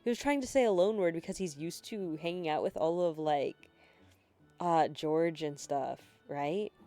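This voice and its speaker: A woman's voice: deep voice, measured pace, dark tone, soft background music. Rambling, giggly young woman streamer. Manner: rambling, giggly and self-deprecating, with swearing and apologies. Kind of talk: casual game commentary. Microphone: handheld mic, no desk.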